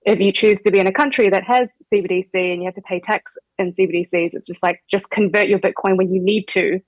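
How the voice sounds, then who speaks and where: A woman's voice: medium pitch, fairly even intonation, fast, no echo, poor audio. A woman with a New Zealand accent, a guest chatting casually with lots of fillers. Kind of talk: casual chat.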